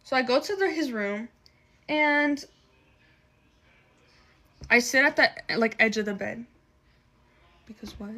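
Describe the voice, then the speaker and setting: Speaking slowly with frequent pauses, a young adult woman has a fairly high pitch and a sharp tone. While working on her makeup, she relates a personal story with emotion and casualness, heavy on swearing and filler "like."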